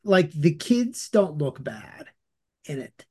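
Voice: mid-range voice, big pitch swings, slow pace, dark tone, slightly rough. A co-host in casual chat, giving brief agreeing replies.

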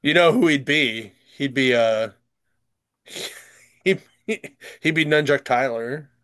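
A man's voice: mid-range voice, slow, a bit bright, no room sound, studio quality. A man chatting casually and telling stories as a podcast host, rambling with lots of fillers and frequent laughter. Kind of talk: casual chat, storytelling.

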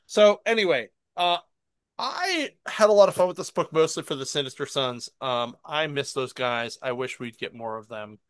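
A man's voice: mid-range voice, expressive, moderate pace, clean tone, no room sound, clean studio sound. A man casually recapping and reviewing a comic book on a podcast, rambling with fillers and laughing often.

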